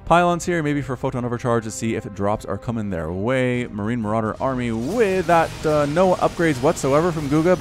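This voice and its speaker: A man in his thirties commentating a strategy video game match, casual and chatty, getting louder and higher at big plays. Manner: excitable, rises sharply in pitch and volume at big plays. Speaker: game caster. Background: faint background music.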